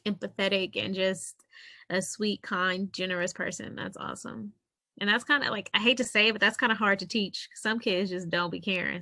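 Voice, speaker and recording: A woman in a casual group chat, telling a family story and backing others up with quick affirmations. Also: mid-range voice, vocal fry, bright, forceful tone, dry recording. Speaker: group discussion participant.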